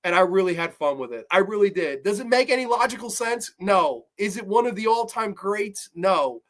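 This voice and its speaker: In a high-pitched voice at a moderate pace, this man excitedly rambles through the plot of a horror series episode in a casual review, cursing freely along the way.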